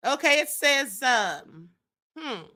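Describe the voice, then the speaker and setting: Sassy, bright-voiced woman host. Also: high-pitched, expressive. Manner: sassy, calls viewers "honey" and "child", drawn-out exclamations. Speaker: live-stream host reading chat. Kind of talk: casual gossip commentary.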